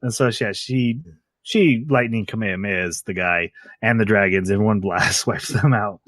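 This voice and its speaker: A man co-hosting a casual podcast, recapping scenes in quick bursts and acting out the lines with a laugh. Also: fairly low pitch, a bit bright, no room sound. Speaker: podcast co-host. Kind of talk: casual chat.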